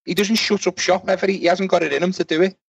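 A man's voice: high-pitched, steady tone, fast talker, vocal fry, no echo, muffled recording. A man in a casual football chat, plain-spoken and swearing. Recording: distant dry mic.

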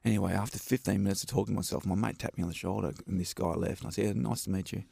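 A man's voice: deep voice, steady tone, rapid-fire, vocal fry, dark tone, slightly rough, dry recording, studio quality. A man with an Australian accent, a stuntman guest telling rambling anecdotes in a casual interview. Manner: laid-back, rambling anecdotes with many fillers.

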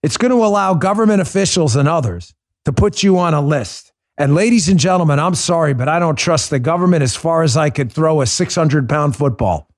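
A man's voice: on the high side, animated, brisk, few pauses. A man hosting a political talk show, speaking in an impassioned, emphatic way and repeating words for stress. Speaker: podcast host.

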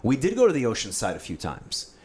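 A man in casual conversation, telling a fishing trip story with lively energy. He jumps up in pitch when he acts out what others said, and his voice has a middle range. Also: a little fast. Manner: animated storyteller, acts out quotes, says "dude" often.

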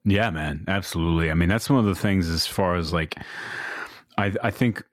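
A man's voice: sits low, moderate pace, no room sound, clean studio sound. A man being interviewed about his book, talking in a laid-back way, full of fillers and the odd swear word. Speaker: podcast guest, author. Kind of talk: casual conversational interview.

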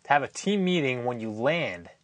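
A man's voice: medium pitch, very animated, moderate pace, no room sound. A man co-hosting a casual sports radio chat, teasing the others with a wry tone.

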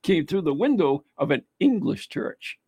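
Gravelly, lively-voiced man reading aloud. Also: on the high side, dry recording. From United States. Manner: reads aloud haltingly with frequent laughs and asides. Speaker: host. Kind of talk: casual chat reading an article.

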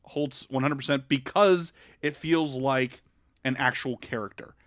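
Male podcast co-host, mid-pitch, chatty and rambling, dry close mic. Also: measured pace, no echo. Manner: animated, rambling, lots of fillers. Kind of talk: casual film review chat.

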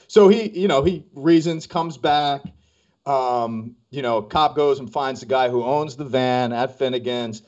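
An animated man co-hosting a podcast, telling a personal story and slipping into the voices of the people in it. His voice sits at an ordinary pitch. The recording is slightly dull and lo-fi. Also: measured pace. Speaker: co-host. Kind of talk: casual storytelling.

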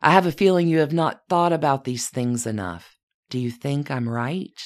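A woman voicing a gentle, thoughtful older lady who asks slow, searching questions. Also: a bass voice. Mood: gently probing.

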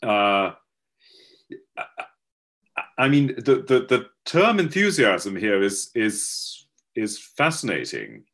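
Male lecturer, very low voice, slow deliberate delivery, hesitant and full of restarts; video-call audio. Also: sing-song, a bit bright. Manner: halting, many fillers and restarts. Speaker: guest lecturer. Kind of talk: academic webinar lecture.

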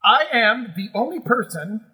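A man with a notably high voice tells stories from his theatre career as a guest in a relaxed interview. His tone is bright and ringing, and he speaks animatedly, with feeling, often stumbling and restarting mid-sentence. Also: normal speed, breathy edge, poor audio. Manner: animated, emotional storyteller with many restarts. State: moved to tears at times. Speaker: musical theatre performer, guest. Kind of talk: casual interview storytelling.

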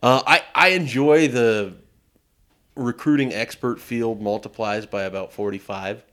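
A man's voice: fairly low pitch, fairly bright tone. Easygoing man hosting a podcast. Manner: easygoing, chuckles, many restarts. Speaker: podcast host. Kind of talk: casual sports podcast chat.

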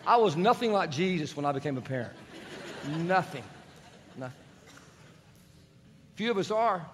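A man's voice: sits high, expressive, quick pace, fairly bright tone, slight background noise. A middle-aged man preaching a sermon, telling family stories with humor and acting out the voices of others. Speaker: pastor. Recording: long reverb of a large hall.

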